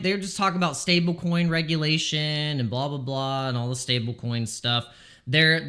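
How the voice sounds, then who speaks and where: A man live-streaming crypto trades in casual chat, excitable and exasperated, swearing freely as he talks. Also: on the high side.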